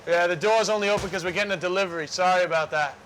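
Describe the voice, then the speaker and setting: A man's voice: high-pitched, very fast, a bit bright, a little hiss or hum, poor audio. A man chatting casually and candidly for a documentary, joking at times. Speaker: documentary participant. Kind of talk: casual chat.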